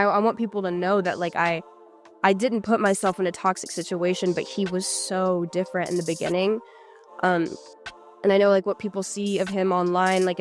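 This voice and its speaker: A young woman, an interview guest, recounting events casually with a hesitant manner, full of likes and restarts. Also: on the low side.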